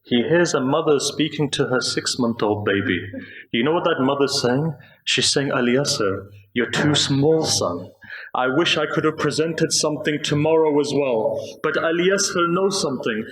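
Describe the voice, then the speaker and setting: Male preacher, high-pitched, slow grieving storyteller, recorded in a reverberant mosque hall. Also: lively intonation, a bit bright. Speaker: Muharram speaker at a mosque. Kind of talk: mournful sermon narration.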